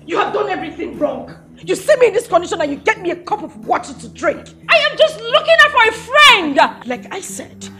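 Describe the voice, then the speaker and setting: An actress with a Nigerian accent playing a heartbroken young woman who lashes out with sharp accusations, with film music behind. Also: very high-pitched, expressive, quick pace, hardly any pauses, roomy sound. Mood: furious. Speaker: heartbroken daughter. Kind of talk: Nollywood film acting.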